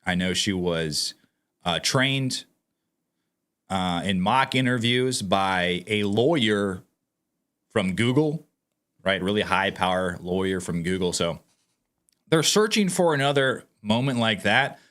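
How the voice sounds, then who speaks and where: A man with a bright, ringing voice delivers sarcastic commentary and speaks straight to his viewers. His pitch swings widely and he sounds animated throughout. It has the easy, casual feel of a vlog. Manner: sarcastic, mocking; animated, addresses viewers directly. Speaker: political commentator.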